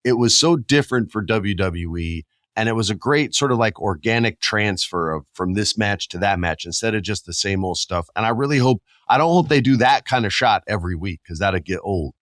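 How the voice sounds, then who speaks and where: A man with a fairly low voice hosts a casual podcast, spinning animated stories and throwing in voices and sound effects. He is recorded close and dry, with no room around him. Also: a little fast, few pauses, no room sound. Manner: animated storyteller, acts out quotes and sound effects. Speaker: podcast host.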